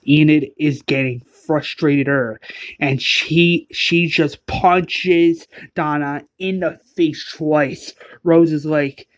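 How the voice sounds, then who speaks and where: Slow, halting male storyteller. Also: fairly high pitch, steady tone, no room sound. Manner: informal, halting, many restarts. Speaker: narrator. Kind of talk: casual storytelling narration.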